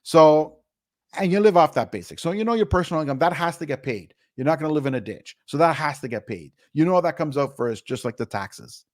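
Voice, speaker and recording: A man's voice: a little high, expressive, fast, no echo, studio quality. Blunt, down-to-earth man. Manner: blunt, down-to-earth, mildly profane. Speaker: guest. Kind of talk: casual interview advice.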